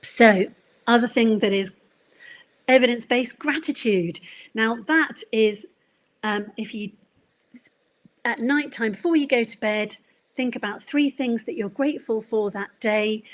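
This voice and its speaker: A middle-aged woman giving a career coaching talk at a conference, gentle and encouraging, with frequent fillers. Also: fairly high pitch, measured pace, pauses often, low-quality recording. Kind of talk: conference presentation.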